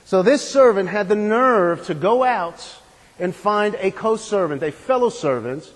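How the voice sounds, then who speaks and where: A man's voice: high-pitched, big-room sound, poor audio. A man preaching a sermon in an earnest, emphatic way, asking the room questions and stressing key words.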